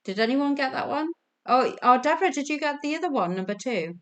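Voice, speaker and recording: A woman's voice: high-pitched, animated, brisk, a bit bright. A woman hosting a casual online quiz over a video call from home, chatty, giggly and self-deprecating. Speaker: quiz host.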